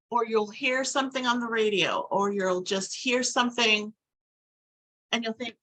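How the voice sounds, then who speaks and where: Woman, bright voice, rambling casual spiritual vlogger who acts out quoted asides. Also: medium pitch, normal speed, rough recording. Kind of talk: casual spiritual talk to camera.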